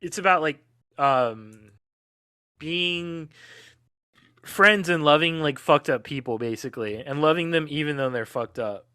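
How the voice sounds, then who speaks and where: A man's voice: on the high side, a little slow, long pauses, sharp tone, clean tone, no echo, studio quality. A young man co-hosting a casual film podcast, talking things through hesitantly with lots of "like" and "um". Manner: hesitant, many fillers and restarts. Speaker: podcast co-host.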